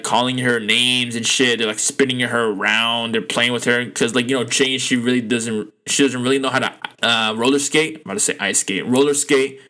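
A man hosting a casual solo podcast, rambling loosely with lots of fillers, restarts and swearing, and getting animated when he is indignant. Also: mid-range voice. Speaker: podcast host.

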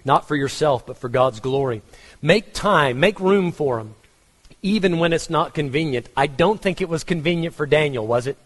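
A man's voice: a little high, long reverb tail. A man with a Texan accent preaching a conversational sermon, asking his congregation questions. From Texas. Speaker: pastor.

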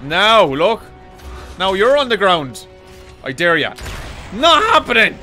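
An Irish man commentating as he plays a shooter game, excitable and swearing freely, often yelling at enemies. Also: sits high, takes it slowly, soft background music. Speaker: streamer. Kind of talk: gameplay commentary.

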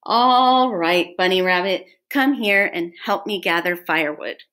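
A woman's voice: fairly low pitch, lively intonation, measured pace, fairly bright tone. A woman doing a snarling, bossy varmint. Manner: snarling, barking orders. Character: gruff, bossy male forest varmint.

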